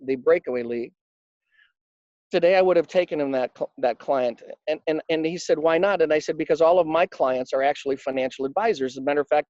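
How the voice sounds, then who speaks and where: A man's voice: fairly high pitch, dry recording. Emphatic storytelling man, dull lo-fi audio. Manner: emphatic, animated anecdote telling with acted-out quotes. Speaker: interview guest, financial advisor coach. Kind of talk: conversational interview storytelling.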